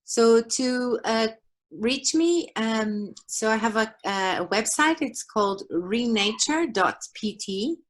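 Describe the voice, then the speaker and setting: A woman who works as a forest therapy guide and trainer, speaking calmly and reflectively as a guest on a video call. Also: on the high side. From Portugal. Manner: slow, calm and reflective, with pauses.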